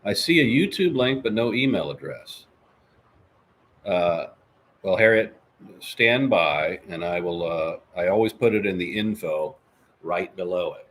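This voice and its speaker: A man's voice: sits low, expressive, measured pace, fairly bright tone. A man hosting a live podcast in casual, jokey, rambling chat, reading out viewer comments. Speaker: podcast host.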